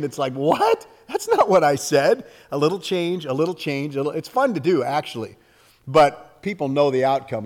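Animated older man preaching in a hall. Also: fairly high pitch. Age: 60s. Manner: animated, acts out quoted voices, jokes with congregation. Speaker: pastor. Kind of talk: sermon.

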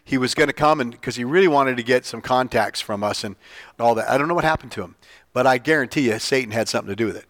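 A man preaching an informal sermon, telling stories, his voice leaping up when he gets excited and falling soft and low for earnest points. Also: fast, no echo. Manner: animated, jumps up in pitch for quoted lines. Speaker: pastor.

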